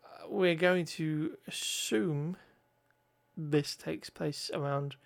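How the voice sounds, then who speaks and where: A man's voice: on the high side, extremely slow, creaky. A man reading history notes aloud, often stumbling over words, correcting himself and adding joking asides.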